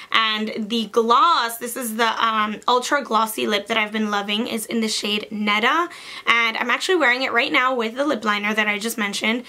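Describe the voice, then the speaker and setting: A woman's voice: a little high, sharp tone. A young woman chatting through her favorite makeup in a casual vlog, gushing and bubbly, with lots of "like" in her talk. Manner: bubbly, gushing, says "like" a lot. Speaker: beauty vlogger.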